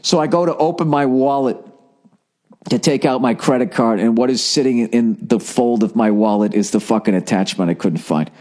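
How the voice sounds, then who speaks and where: A man's voice: mid-range voice, normal speed, darkish tone. A man, a comedian, telling a story in a casual, profane, self-mocking monologue.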